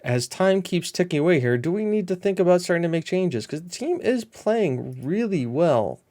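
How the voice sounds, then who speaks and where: Guy doing casual game commentary, rambly, gets loud and excited at big moments. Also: high-pitched, moderate pace. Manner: chatty and rambling, excitable bursts at match action. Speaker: gameplay commentator. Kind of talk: casual let's-play commentary.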